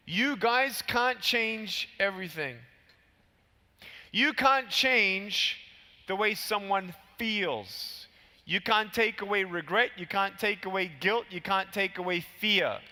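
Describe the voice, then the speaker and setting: Taking his time, a man in his thirties with a high-sitting voice gives a motivational keynote to a large convention crowd. He tells stories with animation and acts out the scenes, heard with long hall reverb from the PA.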